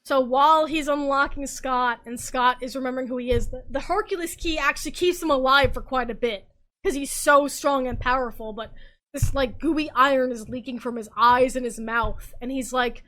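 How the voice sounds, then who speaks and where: High, bright-voiced tipsy woman. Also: normal speed. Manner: excitable, swearing, rambling. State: drunk. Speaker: podcast host. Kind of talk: casual recap chat.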